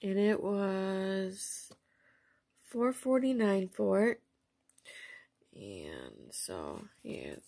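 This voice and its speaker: A woman chatting casually at home as she shows off craft mail and bargain finds, gushing softly and sometimes dropping to a near whisper. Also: medium pitch, sing-song, extremely slow, gravelly, long pauses, a little hiss or hum. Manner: soft, gushing, often drops to a near whisper. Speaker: craft vlogger showing received mail and shopping finds. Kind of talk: casual show-and-tell chat.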